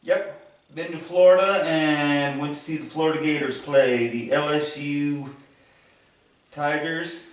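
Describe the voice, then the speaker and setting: A show regular from Ohio answers questions with a rambling anecdote in casual chat, acting out what other people said. His voice is fairly high, steady, and unhurried, picked up very echoey from far off the mic.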